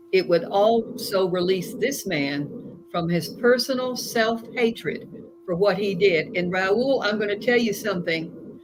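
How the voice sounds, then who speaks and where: A woman speaks as a guest coach, earnest and emphatic as she tells her stories. Her voice sits at an ordinary middle pitch. The recording carries a clear layer of noise behind her. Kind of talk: conversational interview. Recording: noisy recording.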